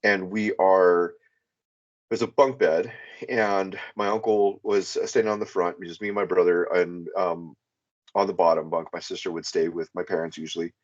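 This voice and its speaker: A man's voice: sits low, steady tone, normal speed. A man calling into a podcast, telling a long personal story in a rambling way, with many fillers. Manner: rambling, frequent "you know" fillers. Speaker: podcast caller. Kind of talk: casual first-person storytelling. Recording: dull lo-fi sound.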